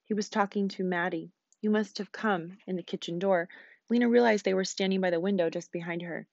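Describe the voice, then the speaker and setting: A woman teacher reading a novel aloud, quick and expressive. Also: mid-range voice, vocal fry, no room sound, muffled recording.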